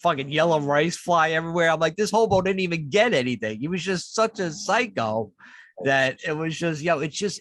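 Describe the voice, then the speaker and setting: A man co-hosting a podcast, talking in casual chat and telling stories with heavy swearing and animated energy. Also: a little high, dry recording. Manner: profane, animated storytelling. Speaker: podcast co-host.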